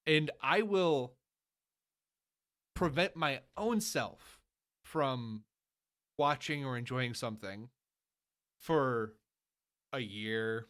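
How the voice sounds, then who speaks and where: A man with a bright, forward voice, co-hosting a relaxed podcast chat. He talks at length, spelling out his rules with emphasis and building up his case point by point. His pitch sits in an ordinary middle range. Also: extremely slow, long pauses. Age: adult, married. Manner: long-winded, laying out rules with emphasis. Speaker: podcast co-host. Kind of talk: casual chat.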